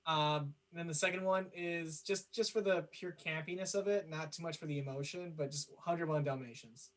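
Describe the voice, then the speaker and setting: A young man with a high voice co-hosting a casual podcast. He is eager and chatty and laughs easily as he talks. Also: steady tone, moderate pace, a bit bright. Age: young adult. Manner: enthusiastic, laughs often. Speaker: podcast co-host. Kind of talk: casual chat.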